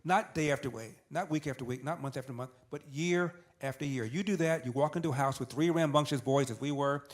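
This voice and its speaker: A man's voice: medium pitch, a little fast, few pauses. An older man, a guest in an interview, telling a family story, acting out the dialogue and repeating phrases for emphasis. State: tearing up.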